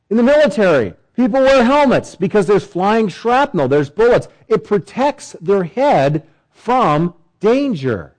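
A man's voice: high-pitched, a little mellow, poor audio. Male preacher, slightly raised voice, emphatic sermon delivery, repeats phrases. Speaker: pastor.

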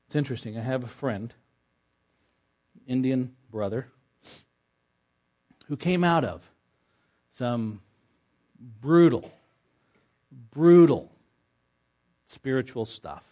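A man preaching with strong emphasis, dropping into hushed, low lines and then climbing to loud, pressing declarations. His voice sits at an ordinary middle pitch between the swings. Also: animated, takes it slowly, pauses often. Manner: emphatic, swings from soft to forceful. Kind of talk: sermon.

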